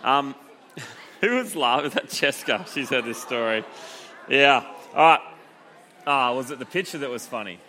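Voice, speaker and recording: A man in his thirties preaching a youth sermon, a lively self-deprecating storyteller who acts out the quotes in his stories. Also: mid-range voice, normal speed, pauses often, a little hiss or hum. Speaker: youth pastor.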